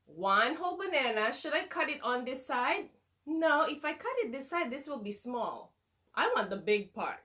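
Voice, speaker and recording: A woman's voice: sits high, sing-song, normal speed, pushed and bright. A woman teaching a children's lesson in a playful, sing-song way, slicing and eating food as she talks.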